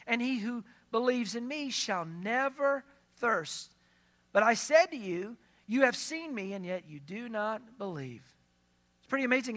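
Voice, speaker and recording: Pastor with a bright, forceful voice. Preaches in a talky way and acts out scripture scenes as back-and-forth dialogue. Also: medium pitch. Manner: retells scripture as lively dialogue; conversational, asks the congregation questions. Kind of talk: sermon.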